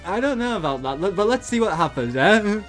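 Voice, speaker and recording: High, lively male game master with a giggly, rambling delivery. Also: brisk, over music. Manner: giggly, rambling, many restarts. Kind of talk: narrating a tabletop game.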